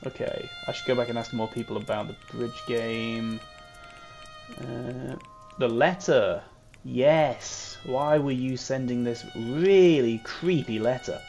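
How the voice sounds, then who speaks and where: A man's voice: medium pitch, slow pace, gravelly, darkish tone, soft background music. A man in casual game commentary, musing aloud and muttering to himself as he plays. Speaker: gamer.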